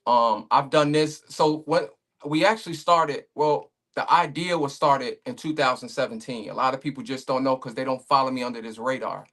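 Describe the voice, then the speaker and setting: A man's voice: mid-range voice, normal speed, fairly bright tone. A man talking casually as a guest on a remote podcast call, laid-back and rambling, with many fillers and restarts. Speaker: league owner guest.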